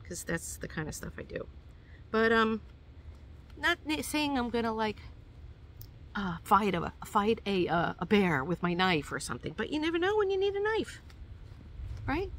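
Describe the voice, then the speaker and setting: With slight background noise behind her, a woman from New York chats about her hiking gear for her vlog. Her mid-range voice has a fairly bright tone, and she rambles casually, dropping in many ums and uhs.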